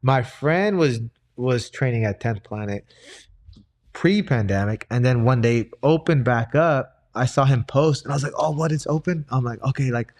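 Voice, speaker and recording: A man's voice: medium pitch, animated, moderate pace, a little mellow. A young man telling a story in casual conversation, full of fillers and restarts. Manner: rambling, many fillers and restarts. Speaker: guest, grappling coach and personal trainer.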